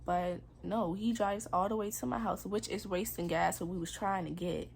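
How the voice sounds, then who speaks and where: A young adult woman tells her own story in a personal vlog, candid and earnest, dropping casual slang along the way. Her voice is medium-pitched, steady and creaky, moving at a moderate pace over slight background noise.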